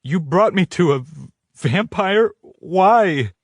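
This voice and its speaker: Audiobook heroine: young woman, high-strung and pleading, read by a man. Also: animated, unhurried, dry recording, lightly acted. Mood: distraught.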